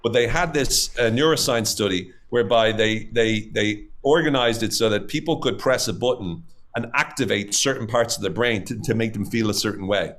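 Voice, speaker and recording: A man's voice: on the low side, moderate pace, a bit bright. A man talking as a podcast guest, explaining ideas in casual conversation, with many fillers and lists of examples. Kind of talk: casual interview talk.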